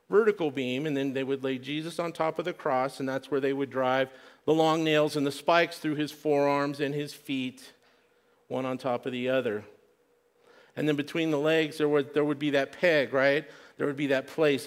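A man preaching a sermon, earnest, restarting and repeating words, dropping to a hush for quoted prayer. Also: on the high side. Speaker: pastor.

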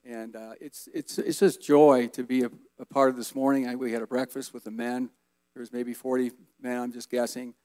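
A man in his fifties giving a relaxed, rambling personal testimony as guest speaker at a church service. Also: mid-range voice, normal speed, dry recording. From Colorado, USA. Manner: relaxed, folksy, rambling with fillers.

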